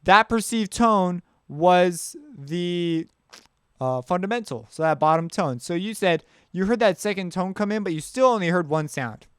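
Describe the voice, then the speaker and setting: A man talks through a relaxed screen-share lesson, chatty and thinking out loud. His voice is smooth and a little higher than most men's. He is recorded close and dry, with no room sound. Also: moderate pace, no echo. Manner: loose and chatty, thinks aloud, frequent "uh" and "so". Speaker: music production teacher. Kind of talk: casual screen-share tutorial.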